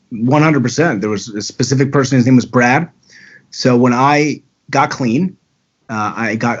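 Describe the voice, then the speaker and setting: A man tells his own story as a podcast guest, in easy, talkative chat. His voice sits at an ordinary middle pitch. The audio is dull and lo-fi.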